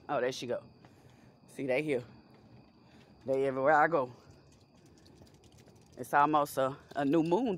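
A woman's voice: low voice, a bit bright. Folksy woman chatting through a home remedy. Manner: chatty and folksy, calls viewers baby and y'all; slows down when reading from notes. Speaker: holistic healer vlogger. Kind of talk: casual home remedy vlog. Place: home kitchen and backyard garden.

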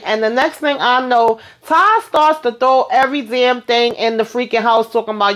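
A woman hosting a casual reality TV recap, telling the story in a sassy, animated way with exasperated asides. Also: on the high side, moderate pace, few pauses.

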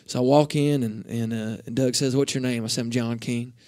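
A man's voice: mid-range voice, fairly even intonation, moderate pace, darkish tone. A young man from Northeast Georgia with a Southern accent, a country singer chatting and joking casually between songs in a radio station lounge. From Northeast Georgia, USA. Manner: joking, rambling, easygoing. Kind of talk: casual on-stage banter.

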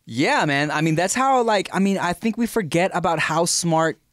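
A man in his thirties from the United States, co-hosting a podcast and telling animated, jokey childhood stories in casual chat. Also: high voice, normal speed, no room sound, studio quality. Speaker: podcast co-host.

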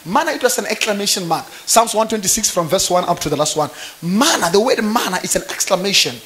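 A male pastor preaches at a church conference, his voice sitting unusually high for a man. He swings widely in pitch, calling out questions for the crowd to answer. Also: expressive, fast, fairly bright tone. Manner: fervent preaching with call-and-response questions. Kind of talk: sermon.

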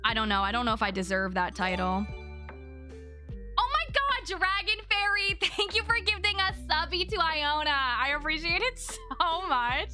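A young woman streaming a game live, chatting casually with her viewers, bubbly and quick to thank them. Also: high-pitched, animated, over music. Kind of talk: casual live-stream chat while gaming.

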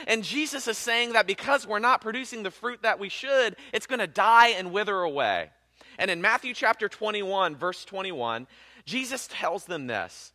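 Young guy preaching, bright voice, goes loud then drops real quiet. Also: normal speed. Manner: expressive preaching, swings between loud emphasis and hushed low passages. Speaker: pastor. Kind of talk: sermon.

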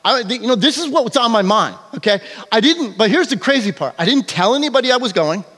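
Brief: high-voiced man preaching a sermon, animated storyteller, long church reverb. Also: fast talker. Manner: animated storytelling, frequent "okay?" check-ins. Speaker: pastor. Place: church sanctuary.

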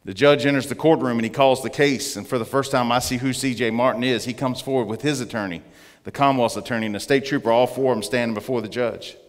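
A man giving an earnest testimony as a guest speaker in church, slowing down to stress his points. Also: medium pitch. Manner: earnest storytelling, slowing for emphasis. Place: church sanctuary. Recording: long church reverb.

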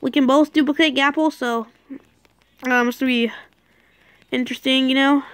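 A woman giving casual, excitable commentary while playing a game, with dramatic outbursts and mock sulking. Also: sits high, moderate pace, clean tone, dry recording. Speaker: gameplay commentator.

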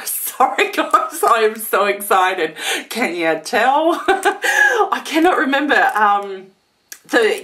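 A woman's voice: on the high side, a bit bright. Gushing woman, unboxing gifts. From Australia. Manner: gushing, gasping, many exclamations. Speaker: vlogger. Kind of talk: casual unboxing chat.

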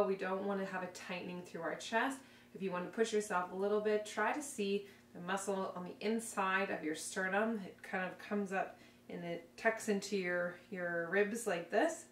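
A woman vocal coach guiding a vocal warm-up with calm, step-by-step cues. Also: mid-range voice. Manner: calm, slow step-by-step cueing. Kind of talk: guided vocal warm-up instruction. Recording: roomy, heard from a distance, faint hum.

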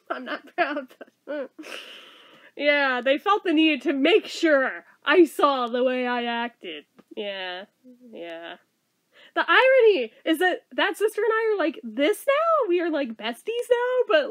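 High-pitched woman vlogger, swears a lot, laughing till she cries, voice swoops all over. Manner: animated, laughing, casual swearing. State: laughing to tears. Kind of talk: storytime vlog.

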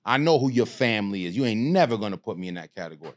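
His fairly low voice races along as the middle-aged podcast guest relays a story in a relaxed chat. It's lively, streetwise storytelling peppered with swear words.

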